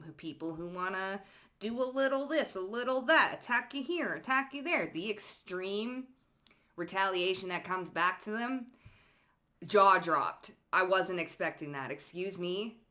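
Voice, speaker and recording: A woman giving a psychic card reading to the viewer, animated and laughing often, calling listeners honey and swearing freely. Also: lowish voice. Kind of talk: tarot reading to camera.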